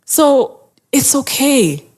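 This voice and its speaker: A woman's voice: high voice, sing-song, extremely slow, darkish tone. A woman mental health therapist speaking as an interview guest, earnest and encouraging, often acting out people's inner thoughts. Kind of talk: conversational interview.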